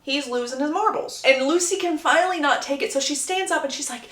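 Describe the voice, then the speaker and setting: A woman content creator recapping a book plot in a chatty, animated storytelling manner. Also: sits high, brisk, few pauses. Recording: roomy echo.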